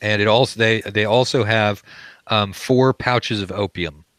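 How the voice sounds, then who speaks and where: Male game master, low voice, dry close sound, casual describer. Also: measured pace, fairly bright tone, dry recording. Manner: loose, conversational scene description. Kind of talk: narrating a tabletop game.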